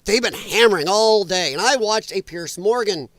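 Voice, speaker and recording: A man's voice: high-pitched, expressive, normal speed, fairly bright tone, no room sound. A man from Illinois hosting a political commentary livestream, ranting and sarcastic with crude language. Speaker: host.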